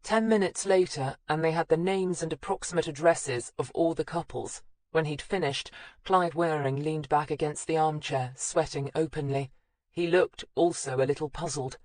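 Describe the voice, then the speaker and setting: Low-voiced woman narrating a mystery. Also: moderate pace, a little mellow, no echo. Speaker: audiobook narrator. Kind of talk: scripted narration.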